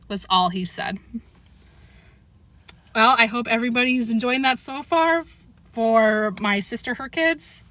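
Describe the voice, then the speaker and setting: A woman's voice: a little high, expressive, a little slow, sharp tone, no echo. A woman reading a children's book aloud, playfully giving the characters their own voices. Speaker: reader.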